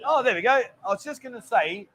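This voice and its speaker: A man from England hosting a casual live stream, jokey and teasing, talking loudly. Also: very high-pitched, expressive, fairly quick. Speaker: livestream host.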